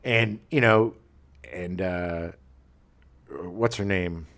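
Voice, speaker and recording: Middle-aged male podcast co-host; casual chatter, lively scene retelling. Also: deep voice, very slow. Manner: animated storyteller, acts out movie scenes. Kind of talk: casual chat.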